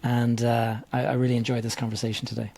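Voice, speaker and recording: A man hosting a podcast, talking to his listeners in a relaxed, chatty way. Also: mid-range voice, fast talker, gravelly. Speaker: podcast host. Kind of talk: casual podcast talk.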